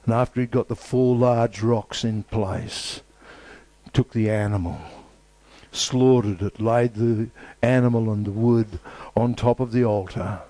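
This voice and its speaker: A man preaching a sermon with emphatic, repetitive phrasing and dramatic pauses. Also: fairly low pitch, steady tone, warm tone, no room sound.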